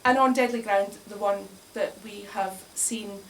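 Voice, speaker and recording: A woman's voice: mid-range voice, fairly even intonation, a little slow, a bit bright. A woman giving a comic talk to a live bar audience, wry and chatty, often laughing at her own jokes. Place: bar, indoors, in front of an audience. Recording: distant mic with faint room noise.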